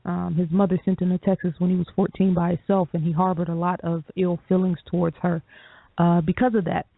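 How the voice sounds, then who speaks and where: Measured, gravelly-voiced woman co-host heard over a phone line. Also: on the low side, dry recording. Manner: reflective, measured, frequent ums. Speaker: radio show co-host. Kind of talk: call-in radio talk. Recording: dry tinny phone line.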